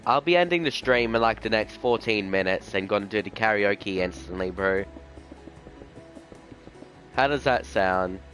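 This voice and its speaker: A man's voice: lowish voice, lively intonation, takes it slowly, long pauses, a bit bright. A young man live-streaming a game, chatting casually and rambling in slang, often tossing in "bro". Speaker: gaming streamer. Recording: faint music behind the voice.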